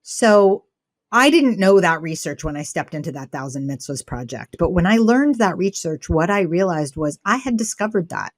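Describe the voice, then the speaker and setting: A woman's voice: fairly low pitch, expressive, moderate pace, no echo. A woman guest in an interview, speaking with animation and acting out quoted dialogue as she tells stories. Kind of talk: conversational interview.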